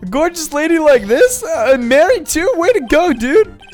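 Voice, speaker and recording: A woman doing a brash, loud young guy. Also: high voice, moderate pace, soft background music, pitched above the performer's own voice. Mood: excited. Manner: loud, stammering, excitable.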